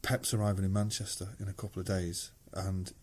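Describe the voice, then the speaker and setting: A man's voice: sits low, flat delivery, fairly quick, darkish tone. A middle-aged man with a Mancunian English accent, a musician guest telling anecdotes in casual chat, swearing freely and acting out quoted voices.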